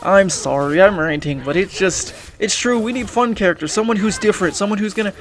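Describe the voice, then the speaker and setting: His voice high and a little fast, a young YouTuber vents profanely about a game, frequently breaking off and restarting what he's saying.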